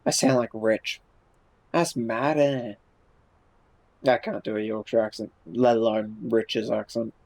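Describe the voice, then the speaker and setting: A man's voice: fairly low pitch, flat delivery, normal speed, gravelly, hardly any pauses, darkish tone, low-quality recording. A man streaming live, chatting casually and reacting to viewer messages in a laid-back way, swearing freely and restarting his sentences.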